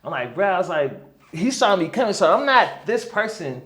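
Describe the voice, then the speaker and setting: A man telling a story as a guest in a casual interview, animated, often checking in with "right?" and "you know what I'm saying?". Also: high voice, normal speed. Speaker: guest healer.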